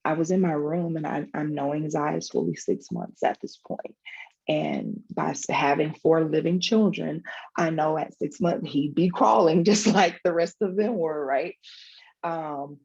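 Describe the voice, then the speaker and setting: A woman's voice: low-pitched, fairly even intonation, unhurried, vocal fry, a little mellow, slightly rough, muffled recording. A woman sharing a personal story in a panel conversation, emotional and reflective, with many fillers and restarts, over a video call. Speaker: guest, foundation founder.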